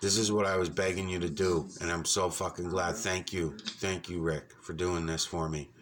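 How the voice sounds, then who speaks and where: Deep-voiced guy rambling at his computer, cussing a lot, lots of ums, light background noise. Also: normal speed. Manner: rambling, profane and excitable, frequent fillers. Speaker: YouTube vlogger. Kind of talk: casual off-the-cuff vlog talk.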